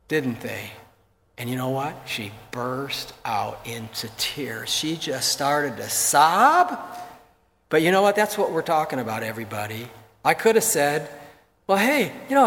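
A man's voice: medium pitch, fairly bright tone, slight background noise. A pastor giving a sermon in an earnest, conversational way, repeating words as he goes. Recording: long reverb from a large hall.

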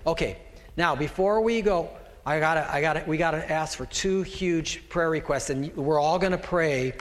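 A middle-aged male pastor preaches from a raised pulpit in a conversational, folksy way, often breaking off to talk straight to his flock. His voice sits a little high for a man and rings out with the long reverb of a large church hall. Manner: conversational, folksy preaching with asides to a slide operator. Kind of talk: sermon.

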